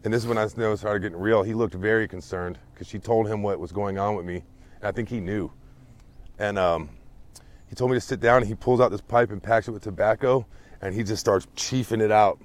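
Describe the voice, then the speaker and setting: A man's voice: on the low side, a little fast, no room sound. Man telling a wild story, cursing. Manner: animated, profane, emphatic. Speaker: storyteller in a group chat. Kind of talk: casual storytelling.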